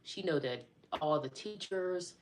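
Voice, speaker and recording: A woman's voice: on the low side, expressive, a little slow, a little hiss or hum. A middle-aged woman chatting casually on a live stream, talking to her viewers as y'all.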